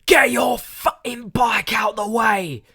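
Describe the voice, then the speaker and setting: A man acting out a big, furious man who shouts and swears on a train. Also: very high-pitched, steady tone, slow pace, slightly rough, pitched above the performer's own voice, full character voice. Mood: furious shouting. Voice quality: bellowing, swearing.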